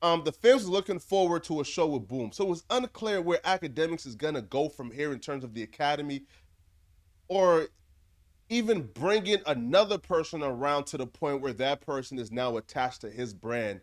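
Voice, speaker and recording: Earnest, higher-voiced male commentator. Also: lively intonation, moderate pace. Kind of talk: commentary narration.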